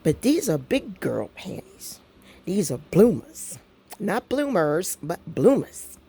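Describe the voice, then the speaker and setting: Lively woman chatting to camera. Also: fairly low pitch, slow pace, creaky, husky. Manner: animated storytelling, frequent laughter, talks to viewers as y'all. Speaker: craft vlogger. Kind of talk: casual chat to camera. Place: at home.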